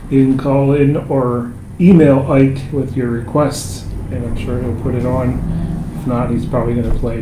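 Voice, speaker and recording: A man hosting a local radio show, relaxed, reading listener comments and plugging upcoming shows. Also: medium pitch. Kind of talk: casual radio chat and announcements. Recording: echoey room, faint noise.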